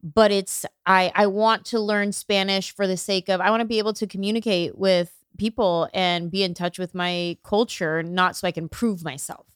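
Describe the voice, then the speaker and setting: A woman who is a comedian, guesting on a podcast and chatting in an animated way, acting out the voices in her stories. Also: medium pitch, normal speed, few pauses, clean tone, no room sound, studio quality. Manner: animated, acts out quoted voices. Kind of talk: casual interview chat.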